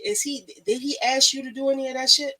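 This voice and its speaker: A woman's voice: high-pitched, level tone, quick pace, pushed and bright, low-quality recording. Blunt, profane woman giving advice. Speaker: podcast host. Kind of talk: casual live-stream monologue.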